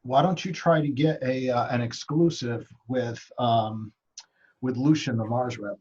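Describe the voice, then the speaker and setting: A man's voice: mid-range voice, fairly even intonation, unhurried, a little mellow, lo-fi sound. A man playing in a tabletop game, chatting casually with some stammering. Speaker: player. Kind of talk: casual role-play chat.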